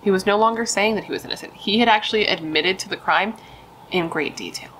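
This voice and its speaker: A woman's voice: mid-range voice, quick pace, fairly bright tone, a little hiss or hum, low-quality recording. A young woman casually telling a true crime story, emphatic and chatty, swearing and saying dude and like.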